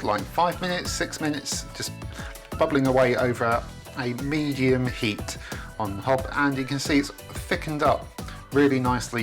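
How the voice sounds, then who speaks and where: A man, chatting enthusiastically while he cooks in his home kitchen for a video. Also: medium pitch. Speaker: cooking vlogger. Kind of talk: casual cooking demonstration.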